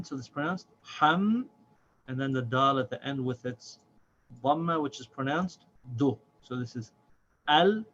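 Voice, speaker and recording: Male teacher, mid-pitched, patient and methodical, slowly sounds out each syllable; slightly dull recording. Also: a bit bright. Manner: patient, slow and deliberate, drawing out syllables. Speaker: Quran reading teacher. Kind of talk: step-by-step lesson. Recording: slightly dull audio with faint noise.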